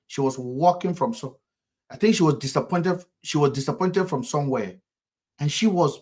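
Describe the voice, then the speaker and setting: A man with a Nigerian accent giving impassioned political commentary, repeating himself in a fervent rhythm and swinging sharply between loud and soft. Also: a little high, normal speed.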